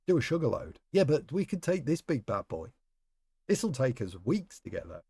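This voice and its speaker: A man's voice: mid-range voice, big pitch swings, normal speed, creaky, darkish tone, husky, no room sound. A man live-streaming a game, chatting in a rambling way and talking to viewers by name. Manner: rambling, chatty, talks to chat members by name. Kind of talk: casual live-stream chat while playing.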